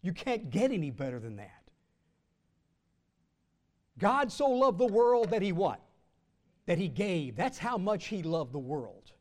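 Brief: high-pitched male pastor, sermon delivery, stretches key words, pauses for the congregation to fill in answers. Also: sing-song. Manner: calls out questions for the congregation to answer; draws out key words slowly for emphasis.

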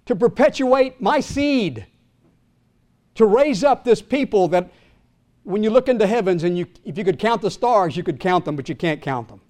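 Older male pastor, high-pitched, dramatic sermon delivery, rises loud and drops to a hush, quizzes the congregation. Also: animated, moderate pace. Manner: dramatic preaching, swinging from loud to hushed; asks the congregation questions.

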